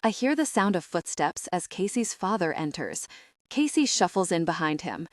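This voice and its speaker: A woman narrating a young-adult audiobook in the first person, with steady, even storytelling. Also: on the low side, normal speed, no room sound, studio quality.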